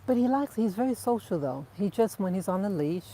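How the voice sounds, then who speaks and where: A woman vlogging while out walking her dogs, chatting in a relaxed, reflective way with soft laughs. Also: medium pitch, brisk, slight background noise. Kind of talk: casual outdoor vlog chat. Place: outdoors in a park. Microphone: clip-on mic, wind audible.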